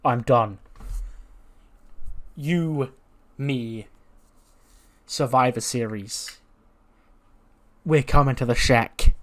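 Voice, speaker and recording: A man voicing a brooding, fed-up male wrestler who speaks deliberately and with menace. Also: mid-range voice, fairly bright tone.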